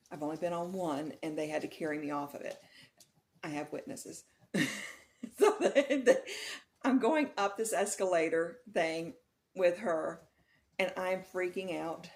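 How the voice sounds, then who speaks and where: Casual vlogger, middle-aged woman from Texas with a lower voice, lively and laughing while telling a story. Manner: animated, laughing retelling of a nightmare.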